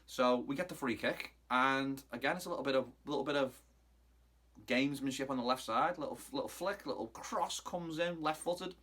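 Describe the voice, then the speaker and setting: A man's voice: mid-range voice, moderate pace, a bit bright. A man in his thirties recapping a football match in a casual, cheeky style, mocking rivals and wandering off topic. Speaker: football fan vlogger.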